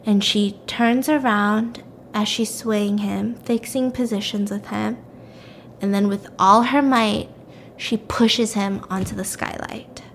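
A young woman casually retelling a dark story. She is animated and conversational, and she swears freely. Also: mid-range voice, takes it slowly, a little hiss or hum.

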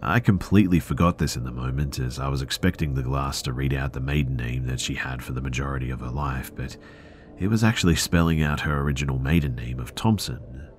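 A man with an extremely low, deep voice reads first-person horror stories aloud, measured and earnest. A faint hiss sits under his narration. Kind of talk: scripted narration of listener stories.

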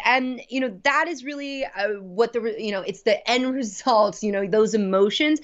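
A woman's voice: medium pitch, normal speed, few pauses, lo-fi sound. A woman guest, a doctor and mother, explaining things in a chatty way with lots of fillers and laughs as she talks. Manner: chatty, many fillers, laughs while talking. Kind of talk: casual interview explanation.

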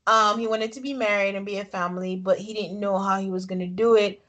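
A woman's voice: mid-range voice, steady tone, fairly quick, fairly bright tone. A woman co-hosting a casual podcast, chatty and laughing often as she retells scenes. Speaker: podcast co-host recapping a reality show. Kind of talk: casual recap chat.

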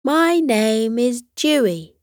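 A woman's voice: on the high side, huge pitch swings, takes it slowly, dry recording, clean studio sound, pitched above the performer's own voice, heavily acted. A woman voicing a sweet, cheerful young male dinosaur who speaks politely and eagerly.

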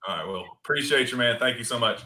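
A man hosting a sports podcast who chats in a relaxed way with many fillers. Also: mid-range voice, fast. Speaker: podcast host. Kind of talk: casual sports talk.

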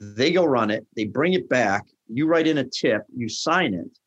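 A middle-aged man in a casual chat, telling a story with lively energy and acting out the lines of the people he quotes. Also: medium pitch, moderate pace, lo-fi sound. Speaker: guest, restaurant founder.

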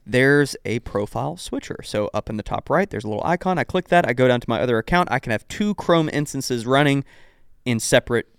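A man's voice: mid-range voice, animated, brisk, clean tone, no room sound, studio quality. A congested man co-hosting a casual tech podcast, easygoing and agreeable, often repeating words. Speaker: podcast co-host.

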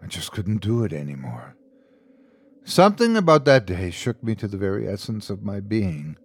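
A man hosting and narrating a scripted horror story, with measured, hushed storytelling and dramatic pauses. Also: fairly low pitch, sing-song, husky, no echo. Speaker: host and narrator.

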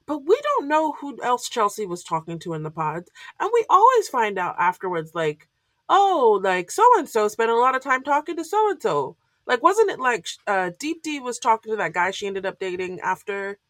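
A woman with a lively, swooping voice gives blunt opinions in a relaxed podcast chat. Her voice sounds dry and close, with no room around it. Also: fairly high pitch, moderate pace, no echo. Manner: opinionated, laughs often. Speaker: podcast co-host. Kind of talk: casual recap chat.

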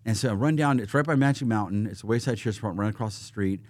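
Fast-talking animated man telling stories. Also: lowish voice, no echo. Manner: animated, acts out quotes and gun sounds, restarts often. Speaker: podcast guest, firearms trainer. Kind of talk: casual storytelling.

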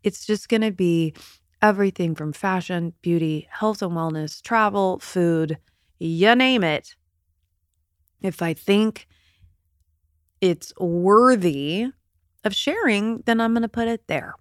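A woman's voice: medium pitch, slow pace, pauses often, no echo, clean studio sound. A woman hosting her own podcast from bed, talking in an emotional, chatty, confiding way. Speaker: podcast host. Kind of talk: casual solo podcast talk. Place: in bed at home.

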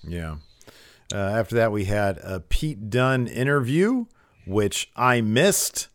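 A man co-hosting a casual chat, recapping events and retelling scenes in lively quoted voices. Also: fairly low pitch, slow, dry recording, clean studio sound. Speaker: podcast co-host recapping wrestling.

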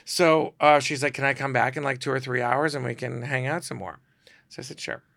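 Middle-aged guy telling wild stories, gravelly voice, dry close sound, acts out everybody. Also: medium pitch, fairly quick, no room sound. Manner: animated, acts out quoted voices. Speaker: guest storyteller, celebrity photographer. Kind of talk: casual storytelling.

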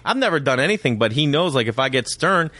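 Animated male comedian guest. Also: medium pitch, fast, dry recording. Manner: animated storyteller who acts out scenes. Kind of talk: casual chat. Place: home man cave.

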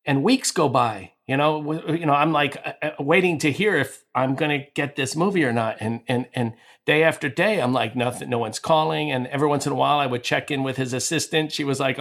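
A man who is a guest composer, telling an animated story in conversation and rambling with many restarts and fillers. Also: mid-range voice, fairly quick.

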